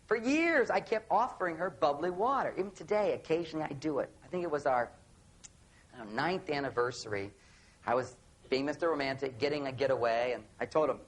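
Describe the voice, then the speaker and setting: A man giving a seminar talk on relationships, telling an anecdote in an animated way and acting out bits of dialogue. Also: fairly high pitch, brisk, rough recording. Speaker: relationship author speaking on stage.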